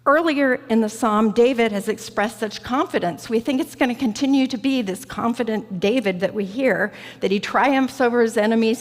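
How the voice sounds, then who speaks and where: A woman preaching a reflective, personal sermon in a church sanctuary, slow and deliberate. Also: on the high side. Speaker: guest preacher. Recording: church hall reverb.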